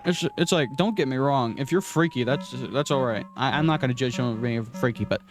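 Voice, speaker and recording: A man's voice: mid-range voice, fairly quick, music in the background. Rambling, crude young man gamer. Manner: rambling, crude, self-deprecating, with frequent restarts. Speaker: gaming vlogger. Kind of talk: casual rambling commentary while playing.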